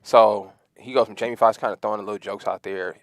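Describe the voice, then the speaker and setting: Fast-talking man, dry sound. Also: fairly low pitch, fairly even intonation, no echo. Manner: quick, acts out voices in his anecdotes. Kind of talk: casual chat.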